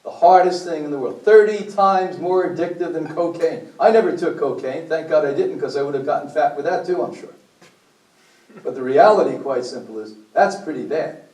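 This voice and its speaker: A man with a high voice lectures a group, blunt and preachy, putting questions to his listeners. He is heard from a distance in an echoey meeting room. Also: normal speed, a little mellow. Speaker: speaker at a health meeting.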